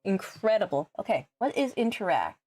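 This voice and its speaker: A woman's voice: medium pitch, sing-song, normal speed, a little mellow, husky, dry recording. A woman streaming a game, chatting casually with her viewers, teasing them and swearing freely. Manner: teasing, swears a lot, talks back to chat.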